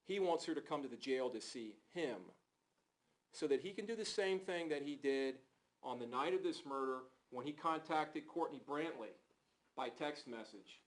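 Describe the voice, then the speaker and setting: A man's voice: fairly high pitch, moderate pace, rough recording. A male prosecutor delivering a closing argument in a courtroom, pressing the jury with emphatic rhetorical questions.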